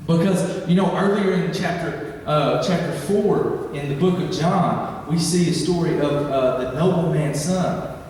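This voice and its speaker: A man's voice: fairly high pitch, measured pace, a little mellow, a little hiss or hum. A young man preaching a sermon at a campus ministry, chatty and joking, then rising into impassioned pleading. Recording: echoey hall from far off.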